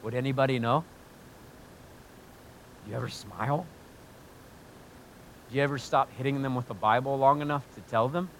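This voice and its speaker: A man preaching a sermon as pastor, swinging between hushed, intimate talk and loud, fervent exclamations, choked up with emotion at times. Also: medium pitch, moderate pace, long pauses, slight background noise. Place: church in Ohio.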